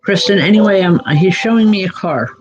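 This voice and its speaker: A woman acting as a reverend and psychic medium, giving live readings in a gentle, reassuring way and calling viewers by name, with many "um" fillers. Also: medium pitch, fairly quick, highs cut off, music in the background.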